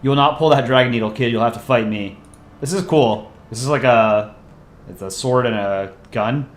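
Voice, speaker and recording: A man's voice: mid-range voice, moderate pace, a little hiss or hum. A man hosting a livestream, casually chatting and joking through viewer messages in a rambling, self-deprecating way. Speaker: livestream host and channel voice actor. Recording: roomy echo, faint ambience.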